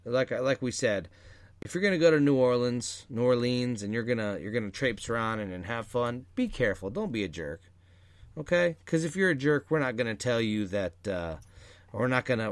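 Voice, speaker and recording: A man's voice: medium pitch, dry recording. A man co-hosting a podcast in casual chat, rambling with lots of fillers and restarts. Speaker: podcast co-host.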